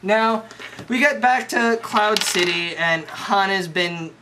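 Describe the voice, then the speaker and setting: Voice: mid-range voice, slow. A young adult casually retelling a movie as a comedy recap, rambling, profane and full of "like.". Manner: slangy, profane, rambling with lots of "like". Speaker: storyteller. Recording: noisy home recording.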